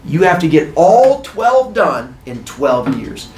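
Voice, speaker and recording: A man hosting a podcast and telling a comic story in an animated, playful way. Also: fairly high pitch, slow, slight background noise. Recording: roomy echo.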